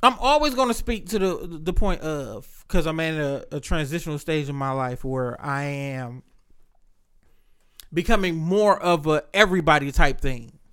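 High-voiced man, candid podcast host. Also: moderate pace, a bit bright, clean tone. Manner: candid, profane, reflective storytelling. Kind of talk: casual podcast chat.

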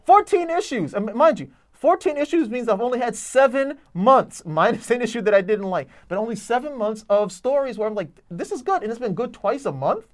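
A man's voice: extremely high pitch, expressive, brisk, few pauses. A man reviewing comic books in casual chat, enthusiastic and rambling with lots of fillers.

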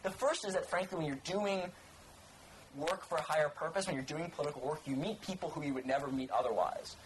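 A man's voice: a little high, fast, slight background noise, poor audio. A young man, an organizer and co-author, speaking earnestly at a public talk, often restarting and saying "frankly". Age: young adult. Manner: earnest, repeats frankly and you know, stumbles.

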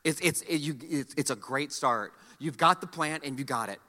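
High, lively man preaching in a reverberant hall. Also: moderate pace. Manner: animated preaching, call-and-response with the congregation. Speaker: pastor. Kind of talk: sermon. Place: church sanctuary.

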